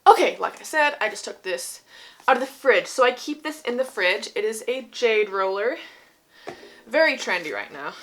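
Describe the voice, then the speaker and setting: A woman's voice: a little high, expressive, normal speed, fairly bright tone. A young woman from Utah with a slight Utah accent, chatting through an at-home skincare routine in a bubbly, rambling way. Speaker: beauty vlogger. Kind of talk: casual skincare tutorial. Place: home, indoors.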